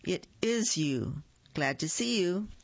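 A woman's voice: on the low side, animated, takes it slowly, gravelly, slightly rough, no room sound, muffled recording, exaggerated voice. A woman voicing a prim, fussy, cautious male rabbit in a children's story.

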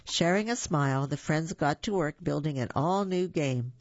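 A storyteller reading a children's picture book aloud, animated and warm, with small slips. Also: mid-range voice, normal speed, dry recording, muffled recording. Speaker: storybook reader.

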